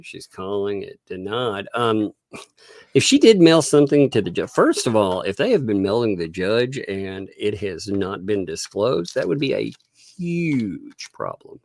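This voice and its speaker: Gravelly, laughing livestream host man. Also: on the low side, no echo. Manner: laughs often, reads viewer tips aloud; relaxed, joking. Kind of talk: casual livestream chat.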